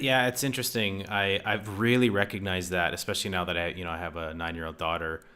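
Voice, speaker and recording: A man's voice: low-pitched, fairly bright tone. A man hosting a casual interview, friendly and enthusiastic, often calling his guest man. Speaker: host.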